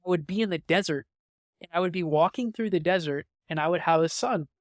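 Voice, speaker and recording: A man in his twenties, a podcast guest, telling a candid personal story in a halting, emotional way with lots of fillers and restarts. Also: a little high, no room sound, studio quality. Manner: emotional, openly moved.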